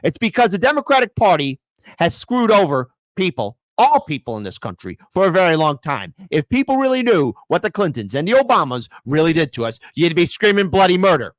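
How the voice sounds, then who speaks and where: A man's voice: a little high, big pitch swings, brisk, no echo. A man hosting opinionated political commentary, combative and sarcastic, speaking into a close mic.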